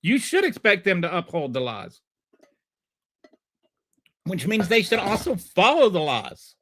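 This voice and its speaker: Male political stream host with a slightly high voice who mocks his chat, argues hard and rambles between points. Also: wildly swooping pitch, unhurried, a bit bright. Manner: sarcastic and combative, mocks commenters. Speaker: livestream show host. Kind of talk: political commentary, answering live chat.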